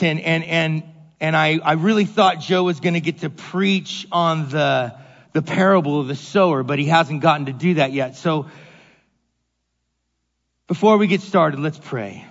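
A middle-aged male pastor giving a casual, storytelling sermon, animated and self-deprecating, acting out the voices in his stories. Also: fairly high pitch, unhurried, gravelly, long pauses. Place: church sanctuary. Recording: dull echoey hall recording.

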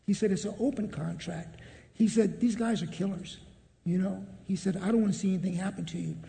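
A man's voice: high voice, steady tone, fairly quick, gravelly, dark tone, long reverb tail. A man telling a personal faith testimony in a storytelling manner, often repeating what he said. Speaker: testimony speaker.

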